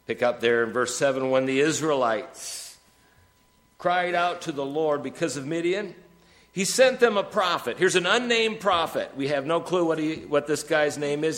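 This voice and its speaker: A man preaching a sermon as pastor, reading scripture with rising emphasis and dropping to quiet, conversational asides. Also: on the high side. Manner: rises to emphatic peaks when reading scripture, drops to soft asides. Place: church sanctuary.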